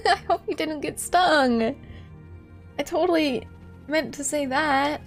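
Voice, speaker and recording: A woman's voice: high-pitched, takes it slowly, vocal fry, soft background music. A woman live-streaming a video game, giggling often and chatting to her viewers as she plays. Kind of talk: live gameplay commentary.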